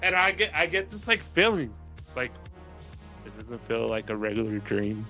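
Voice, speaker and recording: A man's voice: mid-range voice, moderate pace, sharp tone, faint music behind. A man casually telling a long dream story on a podcast, rambling with constant "like" fillers and cheerful swearing. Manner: rambling, heavy use of filler "like"; profane, laughs through the telling. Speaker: podcast co-host.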